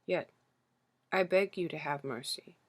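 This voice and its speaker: A woman reading the part of an aged, grieving king, speaking slowly and humbly with a foreign accent. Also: deep voice, husky. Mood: pleading. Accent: foreign-accented speech as the figure. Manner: slow, careful pleading speech. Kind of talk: audiobook character reading.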